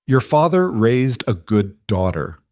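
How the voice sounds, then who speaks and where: A man voicing a lonely cowboy rancher, speaking plainly, gently and earnestly in a storybook tale. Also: mid-range voice, big pitch swings, measured pace, no room sound, studio quality.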